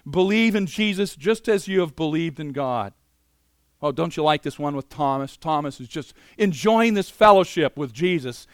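Male preacher, somewhat high voice, dry close mic; animated sermon delivery with chatty asides. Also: smooth, dry recording. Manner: animated, swings between loud emphasis and quiet asides; conversational, many "you know" fillers.

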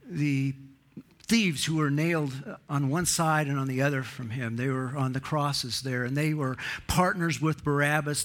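Earnest male preacher, emphatic sermon. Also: a bit bright. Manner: earnest, emphatic, rises in pitch on key points.

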